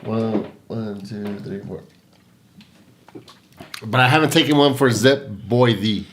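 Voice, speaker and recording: A man's voice: fairly low pitch, slow, background noise. Man, podcast host, casual chat, tipsy, laughing, playful. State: tipsy from vodka shots.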